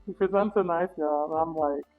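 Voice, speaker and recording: Animated, profane woman telling a story. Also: sits low, a little fast, narrow, tinny audio, soft background music. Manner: animated, profane, acts out her own reactions. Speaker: interview guest. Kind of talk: casual storytelling.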